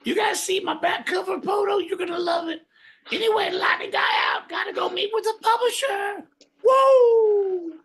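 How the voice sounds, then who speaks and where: A performer voicing a brash, boastful male guest on a comedy podcast, shouting and hyped. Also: very high voice, moderate pace.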